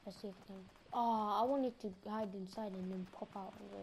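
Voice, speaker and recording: A woman's voice: mid-range voice, steady tone, fairly quick, a little mellow, a little hiss or hum. Woman muttering gameplay commentary. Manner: muttering, frequent swearing. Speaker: gamer.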